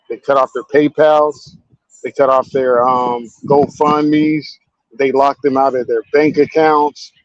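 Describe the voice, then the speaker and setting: A man on a casual panel, laying out his point in a measured way through examples. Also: medium pitch, darkish tone, no room sound. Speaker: panel guest. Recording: dry, dull lo-fi call audio.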